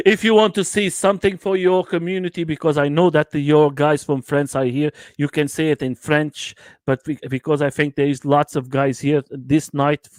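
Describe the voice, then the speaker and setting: A man's voice: on the high side, fairly even intonation, moderate pace, few pauses, no echo. Eager livestream host man, dry sound. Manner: enthusiastic, repeats himself, broken English. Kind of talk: casual livestream chat.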